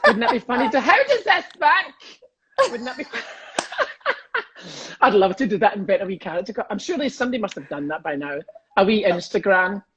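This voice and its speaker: A man's voice: sits high, big pitch swings, moderate pace, bright, forceful tone, slightly rough. Cheeky Scottish man in his fifties. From Scotland. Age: 50s. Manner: cheeky, rambling, laughs at his own jokes. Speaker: comedian guest. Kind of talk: casual livestream chat.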